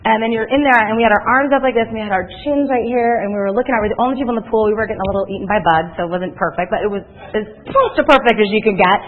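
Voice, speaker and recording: A woman speaking to a live audience at a sales meeting, telling animated stories and acting out other people's lines in a chatty, energetic way. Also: mid-range voice, racing, hardly any pauses. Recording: tinny phone-like recording.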